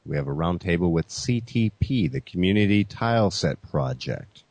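A man with a very deep voice hosts a podcast in an easygoing, conversational way. He talks to listeners as folks and fills his sentences with "you know". The sound is dry and close. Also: animated, normal speed, a little mellow, no room sound. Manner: laid-back, addresses listeners as folks, many "you know" fillers. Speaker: podcast host. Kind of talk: casual chat.

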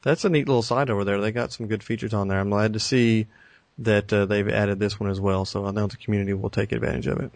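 A man with a fairly low voice chats as co-host on a gaming podcast. He sounds upbeat and easygoing and often calls things cool. The recording is dry, with little room sound. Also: steady tone, quick pace, vocal fry, dry recording. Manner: enthusiastic, easygoing, says cool a lot. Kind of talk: casual chat.

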